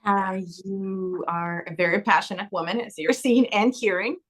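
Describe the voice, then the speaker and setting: A woman's voice: mid-range voice, steady tone, normal speed. Encouraging woman podcast host. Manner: warm, encouraging, laughs often. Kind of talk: interview conversation.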